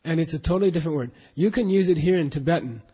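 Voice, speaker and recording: A man's voice: on the high side, racing, dark tone, slightly rough. A man teaching a Buddhist class in an emphatic, questioning way, drilling students in recitation, on a dull lo-fi recording.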